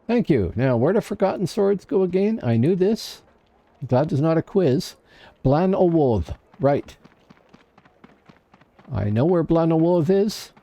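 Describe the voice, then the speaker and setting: A man's voice: on the high side, sing-song, a little slow, long pauses, warm tone, no room sound. A man casually commenting on his gameplay on a livestream, chatting to himself and to viewers in chat. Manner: chatty, talks to himself and chat while playing. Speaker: livestream gamer.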